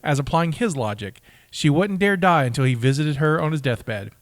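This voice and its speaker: A man's voice: fairly high pitch, lively intonation, moderate pace, dry recording, clean studio sound. A man co-hosting a podcast, reading out trivia with eager stumbles and laughs in casual chat. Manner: enthusiastic, reads facts aloud with stumbles and laughs. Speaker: podcast co-host.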